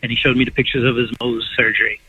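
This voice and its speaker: A man's voice: mid-range voice, little pitch movement, quick pace, sharp tone, husky, no echo. Enthusiastic older man on a tinny phone line. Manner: rambling, enthusiastic, repeats words. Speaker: patient guest. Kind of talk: casual phone-in chat.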